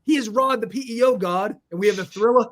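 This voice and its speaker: High-voiced joking American host. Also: male voice, a bit bright. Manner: joking, self-mocking, quick asides. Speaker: podcast host. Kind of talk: casual comedic talk show. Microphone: video call.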